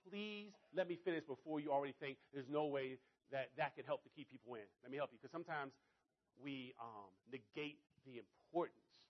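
A middle-aged man giving a motivational talk to a live audience, telling stories and acting out both sides of the dialogue. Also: lo-fi sound. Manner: animated, pitch rising sharply when excited. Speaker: motivational speaker.

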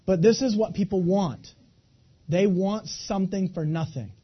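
A man in his twenties giving an animated, folksy motivational talk, speaking directly to a live audience. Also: sits high, measured pace, husky, lo-fi sound. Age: 20s.

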